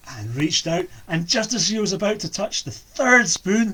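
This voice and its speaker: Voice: medium pitch, very animated, moderate pace, pushed and bright, slightly rough. A storyteller telling a folk tale for children in a playful way, with sound effects.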